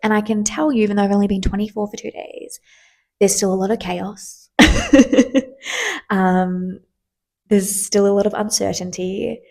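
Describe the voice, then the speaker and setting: A young woman in her twenties hosts a solo podcast in a loose, candid chat. Her voice has a gravelly, fry-edged texture at a mid pitch, and she rambles along with plenty of fillers and the odd swear word. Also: expressive, unhurried, a little mellow. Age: 20s. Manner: chatty, candid, lots of fillers and casual swearing. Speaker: podcast host.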